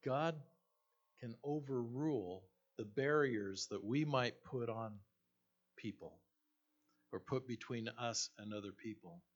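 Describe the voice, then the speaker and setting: A male pastor gives a slow, unhurried sermon, retelling stories with frequent fillers and restarts. His pitch sits in the middle range for a man. The recording sounds dull and low-fi.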